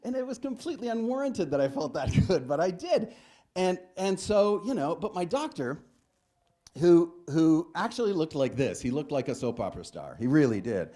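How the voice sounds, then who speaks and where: Lively animated male stand-up keynote speaker. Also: a little high, normal speed. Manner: animated storytelling, acts out dialogue with a doctor. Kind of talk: stand-up keynote to a live audience. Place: large hall with a live audience.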